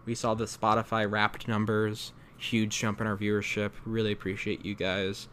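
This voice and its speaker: Male podcast co-host: bright, sharp voice, irreverent jokey banter. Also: lowish voice, monotone, moderate pace, a little hiss or hum. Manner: jokey and irreverent, swears casually. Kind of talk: casual film podcast chat.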